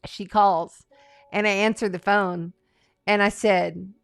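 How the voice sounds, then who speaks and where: Slow and creaky yet smooth, this woman's mid-range voice keeps a steady tone as she rambles through folksy, chatty talk on her astrology and tarot livestream. The recording is dry.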